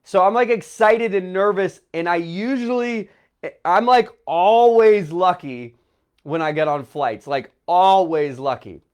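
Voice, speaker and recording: A man's voice: sits high, unhurried, clean tone. A young man, a travel vlogger, telling a personal story to the camera in a rambling way full of fillers, a little tearful. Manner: rambling, filler-heavy, emotional retelling. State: tearful, runny nose.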